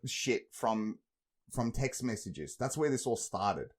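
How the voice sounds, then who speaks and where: A man's voice: medium pitch, slow, breathy edge. A young man, co-hosting a podcast, telling stories casually with lots of swearing and laughter. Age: young adult. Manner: swearing, laughing, animated storytelling. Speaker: podcast co-host. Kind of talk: casual chat, storytelling.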